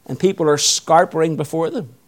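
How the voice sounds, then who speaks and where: Male preacher, high voice, sermon delivery, intense then hushed. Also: a little fast. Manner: reads scripture aloud, then preaches with swings from loud intensity to hushed appeals.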